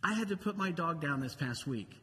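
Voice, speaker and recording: A man's voice: on the high side, animated, fairly quick, bright, forceful tone, big-room sound. A male pastor preaching a sermon in a church auditorium, talking conversationally and repeating key phrases for emphasis.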